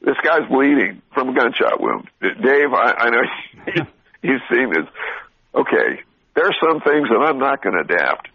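Blunt, husky man on a radio talk show. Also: mid-range voice, moderate pace, no room sound, lo-fi sound. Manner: blunt, animated storytelling with frequent laughs and restarts. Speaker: veteran talk show guest speaker. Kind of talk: casual motivational radio talk.

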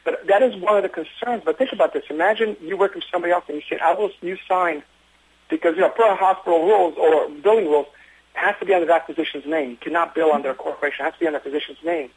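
A man who works as an emergency physician, telling stories in an interview with earnest, quick talk and frequent restarts. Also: fairly high pitch, husky, low-quality recording. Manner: fast, earnest storytelling with many restarts. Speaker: emergency physician running an urgent care. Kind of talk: interview conversation.

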